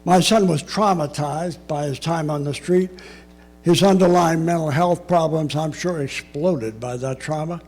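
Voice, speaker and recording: Older man telling a story, measured. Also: on the high side, darkish tone, slightly rough. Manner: measured and reflective, with dry asides. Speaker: public speaker. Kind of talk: personal storytelling talk.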